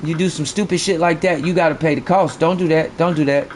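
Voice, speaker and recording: Male live game streamer, high-pitched voice, blunt and profane, repeats himself mid-rant, faint ambient noise behind. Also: fairly even intonation, a little fast.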